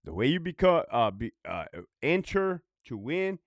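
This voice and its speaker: A man's voice: a little high, very animated, a little slow, no echo, studio quality. A man who is a former prison guard, ranting profanely in a casual vlog, rambling and often laughing.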